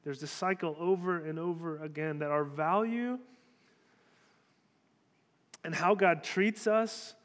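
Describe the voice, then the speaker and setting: A male pastor delivers a sermon, chatty yet emphatic. His voice sits high, and a long reverb trails each phrase through a church hall. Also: slow pace, pauses often. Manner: conversational, emphatic preaching.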